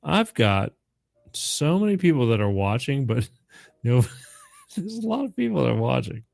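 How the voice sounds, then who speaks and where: A man's voice: medium pitch, big pitch swings, moderate pace, vocal fry, a little mellow. A middle-aged man hosting a call-in show, chatting casually and rambling, with frequent laughs and repeats. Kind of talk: casual call-in radio chat.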